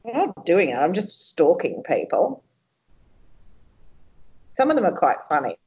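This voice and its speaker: A middle-aged woman, animated and exclamatory in a casual chat. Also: lowish voice, unhurried. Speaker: podcast co-host. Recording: dull lo-fi sound.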